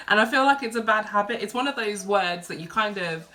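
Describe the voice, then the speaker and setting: A young woman from Birmingham with a softened Brummie accent, chatting casually through a Q&A vlog, reading each question aloud and answering with lots of ums and likes. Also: mid-range voice. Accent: Birmingham English, softened. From Birmingham, England. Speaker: vlogger.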